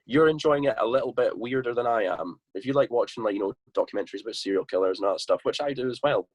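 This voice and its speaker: A man's voice: mid-range voice, fast talker, no echo. A young Scottish man chatting casually and bluntly as a podcast guest, swearing freely. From Scotland.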